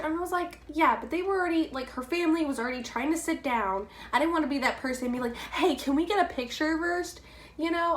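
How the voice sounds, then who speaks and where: A woman from Houston, Texas, telling an excitable, gushing story to her camera, full of "like"s. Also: on the high side, a little hiss or hum. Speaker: vlogger. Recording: echoey room.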